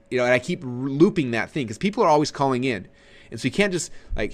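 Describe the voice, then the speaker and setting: A man teaching marketing in a casual, energetic way, swinging his voice up and down, with many fillers and repeated words. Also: fast talker. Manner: energetic, animated, swings pitch up and down. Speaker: webinar trainer.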